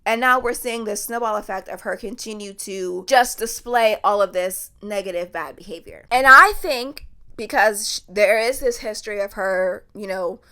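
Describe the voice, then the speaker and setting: A woman's voice: medium pitch, normal speed, sharp tone, clean tone. Blunt, emphatic woman podcast host. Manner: emphatic, blunt, swears freely. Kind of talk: casual podcast commentary.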